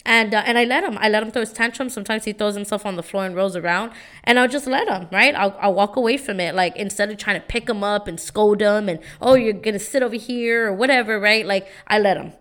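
A young woman with a medium-pitched, fairly bright voice talks at a quick pace on her parenting podcast. Her motivational chat is casual and earnest, and she often checks in with "right?".

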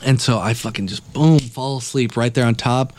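A man's voice: mid-range voice, normal speed, darkish tone, slight background noise. Man, casual podcast storyteller, rambling, curses constantly, acts out quotes.

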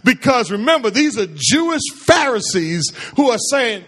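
A man's voice: very high-pitched, sing-song, normal speed, few pauses, a bit bright, in a large hall. A man preaching a sermon to a congregation, firing questions at them and drawing call-and-response replies. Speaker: pastor.

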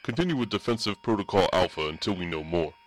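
A man's voice: low-pitched, lively intonation, fast talker, faint music behind. A man narrating and voicing a military commander who gives clipped, formal orders. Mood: commanding. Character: stern male military commander, authoritative.

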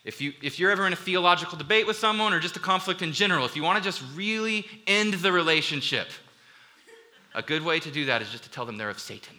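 A man's voice: fairly high pitch, fast, bright, forceful tone. A man preaching a sermon to his congregation, earnest and building to emphatic passages, with conversational asides to the room. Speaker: pastor. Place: church hall with a congregation.

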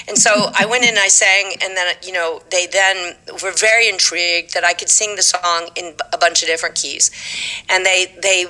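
An older woman from Texas, in her seventies, tells stories as an interview guest. Her voice sits a little low and sounds bright and forceful. She livens her anecdotes by acting out the voices of the people in them. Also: normal speed, low-quality recording. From Texas, USA. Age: 70s. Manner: animated, acts out quoted voices in her stories. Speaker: guest, stage actress and singer. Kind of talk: storytelling in a conversational interview.

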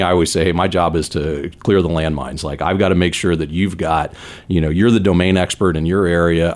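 Man, 40s, from San Diego, very deep voice, earnest rambling interview guest. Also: a little mellow. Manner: earnest, rambling with many "you know" fillers. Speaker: business leader guest. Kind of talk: conversational interview storytelling.

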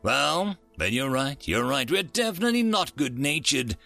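A man's voice: mid-range voice, very animated, moderate pace, vocal fry, sharp tone, soft background music, exaggerated voice. A man voicing a human marine staff sergeant who talks in a cool, steely way with a smile. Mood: cocky.

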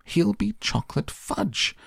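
A man voicing a shrill, furious middle-aged mother who shrieks in indignation. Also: moderate pace, warm tone, slightly rough, no room sound, clean studio sound.

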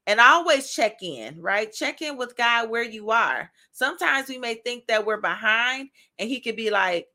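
A woman's voice: on the high side, expressive, moderate pace, bright, forceful tone. A woman hosting a faith podcast, giving an encouraging devotional talk in a chatty style, laughing often and asking "right?".

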